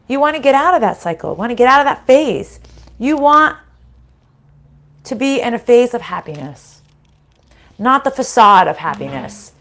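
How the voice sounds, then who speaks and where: A woman giving a casual spiritual card reading to her viewers, chatty and reassuring, often checking in with "right?" and "okay?". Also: mid-range voice.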